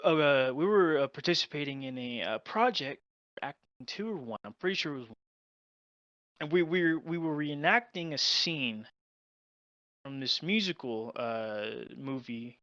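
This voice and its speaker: A young man telling a funny story as a guest, dramatic and exaggerated, jumping from loud outbursts to low mutters. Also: no echo, highs cut off. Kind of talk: casual storytelling.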